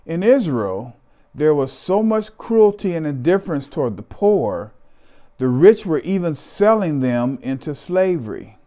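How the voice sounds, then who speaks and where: Slow, mellow-voiced man teaching scripture. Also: on the high side, sing-song. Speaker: Bible teacher. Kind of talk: scripted Bible study narration.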